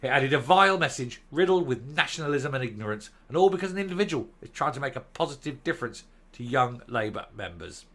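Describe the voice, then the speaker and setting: Bright-voiced scornful male commentator. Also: medium pitch, big pitch swings, fast talker. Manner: scornful and sarcastic. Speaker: political commentator. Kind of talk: opinionated video commentary.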